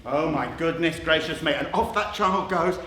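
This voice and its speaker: A man's voice: fairly high pitch, moderate pace. Upbeat man leading a drama workshop. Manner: lively, coaxing, storytelling with asides to the group. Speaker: workshop leader. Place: theatre stage with a group. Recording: echoey theatre with audience.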